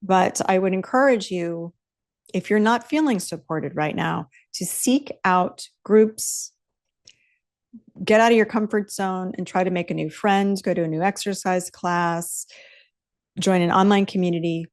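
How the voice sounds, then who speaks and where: A woman in her fifties hosts a solo motivational podcast in a low-leaning voice at a slightly slow pace. She talks emphatically and bluntly, swearing freely and repeating her key phrases for punch.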